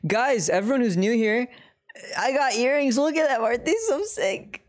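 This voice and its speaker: A woman's voice: fairly high pitch, animated, normal speed. A woman chatting and teasing a friend on a casual game stream, swearing and laughing often. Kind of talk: casual gaming stream chat.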